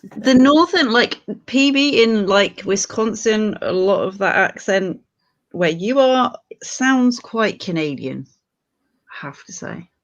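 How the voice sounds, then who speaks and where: A talkative woman joins a casual live-stream chat and laughs easily. Her voice sits at an ordinary middle pitch. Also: expressive, dull audio. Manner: chatty, quick to laugh.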